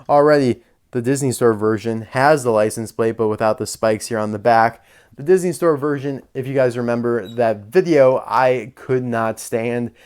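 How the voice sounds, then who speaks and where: A man's voice: medium pitch, darkish tone, smooth. A young man casually reviewing die-cast toys, chatty and openly annoyed by poor quality. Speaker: toy reviewer. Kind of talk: casual toy review vlog.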